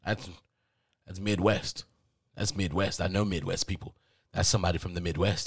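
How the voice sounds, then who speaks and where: A man's voice: sits low, vocal fry, husky, dry recording, studio quality. A man from the American South with a Southern accent, telling a comic story and acting out the other people on a phone call. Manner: animated, acts out both sides of a phone call in quick voices. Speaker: podcast host. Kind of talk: comedic storytelling.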